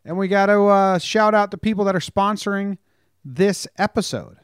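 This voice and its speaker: A man hosting a casual sports podcast, upbeat and joking in fast banter with his co-host. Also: high voice, smooth, dry recording, clean studio sound. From New Jersey.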